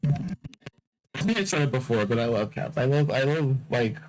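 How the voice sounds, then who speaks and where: A man's voice: medium pitch, lively intonation, normal speed, darkish tone, soft background music, low-quality recording. A man hosting a podcast in a casual, rambling monologue, drowsy and yawning, often stammering and repeating himself. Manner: repeats words and phrases, stammering restarts; drowsy, yawning between topics. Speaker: podcast host.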